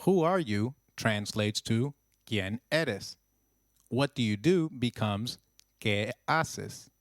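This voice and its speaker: A man narrating a scripted language lesson with slow, clear, encouraging drills. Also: mid-range voice, expressive, no room sound, clean studio sound. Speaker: language teacher.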